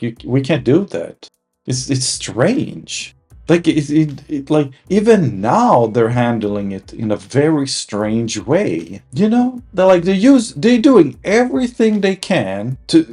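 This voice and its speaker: A man's voice: mid-range voice, dark tone. A man giving a casual, heated opinion monologue, rambling with many restarts and fillers. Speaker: commentator.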